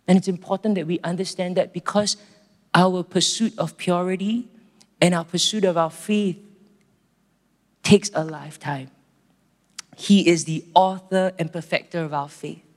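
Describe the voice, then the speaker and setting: A man with a Singaporean accent preaching a storytelling sermon, earnest and slowing down for emphasis. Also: high voice, fairly even intonation. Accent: Singaporean English. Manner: earnest, slows down for emphasis, many restarts. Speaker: pastor. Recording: reverberant hall, faint music.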